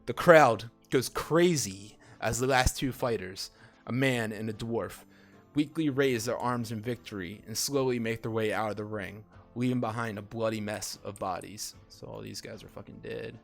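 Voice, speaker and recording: A man's voice: lowish voice, normal speed, soft background music. A man narrating a tabletop fantasy game as game master, with fillers in between.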